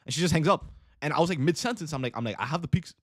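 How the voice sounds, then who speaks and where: A man's voice: on the high side, expressive, rapid-fire, no room sound, studio quality. A young man hosting a livestream, telling a rambling casual story and saying bro a lot. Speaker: livestream host, day trader.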